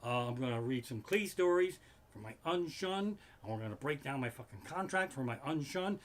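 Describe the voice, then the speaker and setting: A man, a comedian hosting a livestream from his living room, telling a rambling, profane monologue with sudden loud outbursts. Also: mid-range voice, animated, normal speed. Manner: swears constantly, rants with sudden loud outbursts. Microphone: home streaming setup.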